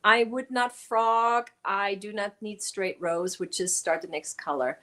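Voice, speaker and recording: A woman's voice: medium pitch, fairly even intonation, a little slow, sharp tone. A woman hosting a casual livestream, greeting viewers by name and thanking them as she reads their comments. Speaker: livestream host. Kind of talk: casual chat reading live comments.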